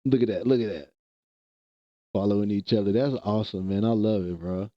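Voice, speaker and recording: A man's voice: lowish voice, brisk, no echo, muffled recording. A man streaming live, chatting casually with viewers in loose slang and laughing often.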